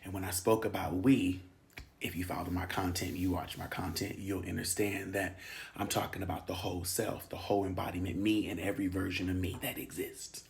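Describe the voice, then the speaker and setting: A man's voice: deep voice, level tone, a little fast, vocal fry, a little hiss or hum. A man in his thirties from Los Angeles gives an emphatic, candid personal monologue, often dropping to a whisper and laughing. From South Central Los Angeles. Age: 30s. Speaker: spiritual channel host.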